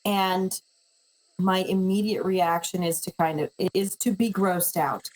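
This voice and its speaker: A woman talks through her turn at a tabletop game in a slow, unhurried way. She speaks hesitantly and often stops to restart her sentences. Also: fairly low pitch, steady tone, a little mellow, poor audio. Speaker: player.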